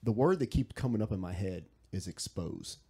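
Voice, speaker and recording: A man co-hosting a casual podcast, making reflective, measured points. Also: lowish voice, lively intonation, dark tone, breathy edge. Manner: reflective, measured points about writing and growth. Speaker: podcast co-host. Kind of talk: casual chat.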